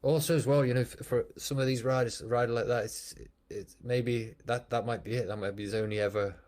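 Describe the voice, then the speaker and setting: A man, a former pro cyclist, calmly explaining race tactics in a relaxed podcast conversation. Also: medium pitch, fairly quick. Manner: thoughtful, explanatory. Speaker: former professional cyclist, guest. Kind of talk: casual podcast chat.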